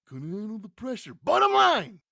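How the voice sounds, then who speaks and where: A man doing an impression of a wild, shouting male wrestler cutting an intense promo. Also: high-pitched, huge pitch swings, normal speed, creaky, no room sound, clean studio sound, pitched above the performer's own voice, exaggerated voice. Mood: intense boasting. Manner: bellowing, intense promo delivery.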